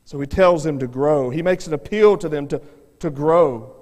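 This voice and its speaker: A man's voice: a little high, moderate pace, darkish tone. A man preaching a revival sermon as an evangelist, earnest and given to repeating words as he starts his phrases. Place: church sanctuary. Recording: long church reverb.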